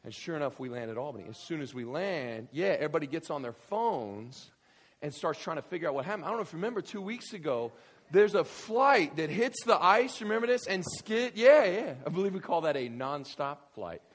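A male guest preacher telling a story in a sermon, full of restarts and rising to shouts. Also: a little high, fairly quick. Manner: animated, many restarts, builds to shouting.

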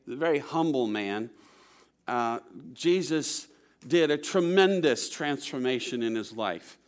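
A man's voice: mid-range voice, lively intonation, measured pace. A man preaching a sermon to his congregation, conversational, with playful humor and frequent checks like "okay?". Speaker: pastor.

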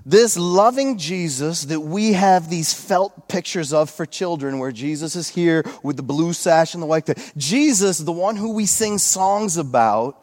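A male pastor preaching a sermon at a church service, retelling a scripture story in a relaxed, joking way with lots of asides. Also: on the high side, unhurried, few pauses. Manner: casual storytelling with jokes and asides.

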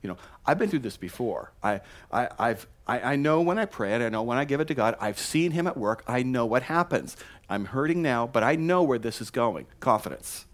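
A man preaching a sermon to his congregation, talking casually with rhetorical questions and many restarts, now and then jumping up in pitch and volume. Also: very animated, fairly quick, hardly any pauses. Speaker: pastor.

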